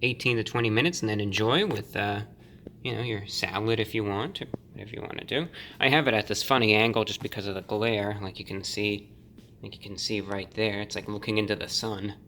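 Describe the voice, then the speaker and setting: A man's voice: lowish voice, fairly quick, pushed and bright, a little hiss or hum. A man hosting a casual food review at home, rambling and joking at his own expense with many restarts. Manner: rambling, self-deprecating, with restarts and playful asides.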